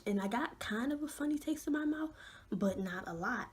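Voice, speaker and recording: A young woman vlogger telling an animated story with many fillers, often dropping to a hush. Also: a little high, moderate pace. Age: young adult. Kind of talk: storytime vlog.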